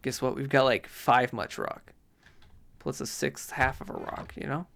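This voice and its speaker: A man's voice: medium pitch, measured pace, creaky, fairly bright tone, slight background noise. A man giving casual gameplay commentary, rambling to himself with mock outrage.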